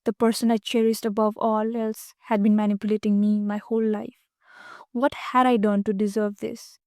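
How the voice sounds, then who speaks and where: A woman's voice: medium pitch, little pitch movement, normal speed, a little mellow, clear, resonant tone, no room sound, studio quality. A woman narrating a first-person thriller audiobook in a dramatic, emotional reading style.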